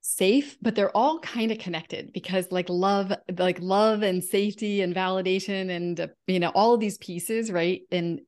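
A woman's voice: mid-range voice, steady tone, moderate pace, hardly any pauses, darkish tone. A woman who is a guest on a podcast, speaking in a reflective way and feeling her way toward the right words. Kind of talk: conversational podcast chat.

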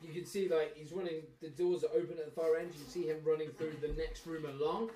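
A man's voice: on the high side, level tone, quick pace, mellow, far from the mic. Roomy-sounding man running a tabletop game. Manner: loose, filler-heavy narration with acted asides. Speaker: dungeon master. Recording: echoey room, voice from off-mic.

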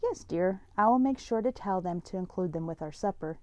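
A woman reading a story aloud, voicing a gentle, affectionate grandmother speaking soothingly. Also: mid-range voice, animated, fairly quick, no echo, close to an everyday voice.

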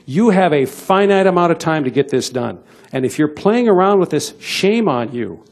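A man's voice: fairly high pitch, lively intonation, brisk, darkish tone. An older man giving a folksy, emphatic business seminar talk to a live audience, checking in with "okay?" after his points. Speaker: motivational business speaker. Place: event hall with live audience.

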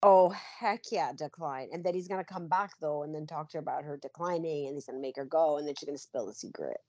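A woman co-hosting a podcast, chatting casually with quick, playful reactions and laughs. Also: sits low, a little mellow, no room sound. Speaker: podcast co-host. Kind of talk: casual fan recap chat.

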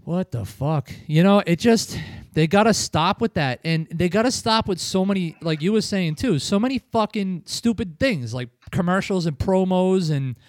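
A man hosting a loose podcast, his voice sitting a bit high. He rambles through stories with plenty of swearing and quick laughs. The recording is dry and close, with no room sound. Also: expressive, dry recording. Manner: profane, rambling, chuckles often. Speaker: podcast host. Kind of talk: casual chat, storytelling.

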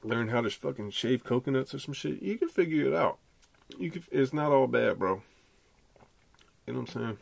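A man hosting a podcast, delivering an animated, profane, slangy casual rant. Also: mid-range voice, moderate pace, creaky, long pauses, dry recording. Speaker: podcast host.

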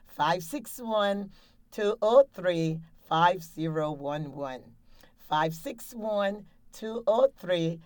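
A woman with a low voice leads a guided laughter exercise, talking slowly and upbeat, cheering her listeners along. She speaks close to a studio mic with a dry sound and no room echo. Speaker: laughter yoga coach and show host.

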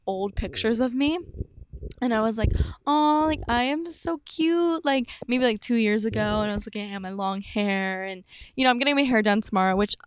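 A woman's voice: on the high side, clean tone, dry recording, studio quality. Chatty young woman podcast host. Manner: chatty, peppered with "like" and "um"; acts out her own past thoughts in quoted asides. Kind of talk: casual chat.

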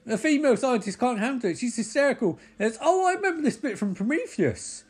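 High-pitched man, sarcastic movie riffer who gets worked up and swears. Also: very animated, brisk, slightly rough. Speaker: movie reaction commentator. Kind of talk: casual live movie commentary.

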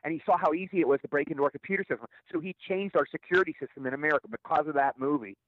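A middle-aged man, an actor guest, telling stories in an interview in a rapid, stammering way with repeated words. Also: on the high side, dry recording. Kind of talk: storytelling interview answers. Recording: tinny phone line, dry.

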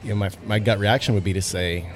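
A man's voice: fairly low pitch, steady tone, fast. A man co-hosting a casual podcast, listening and questioning the exact words his partner uses. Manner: questioning, picks apart word choices. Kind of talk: casual conversation.

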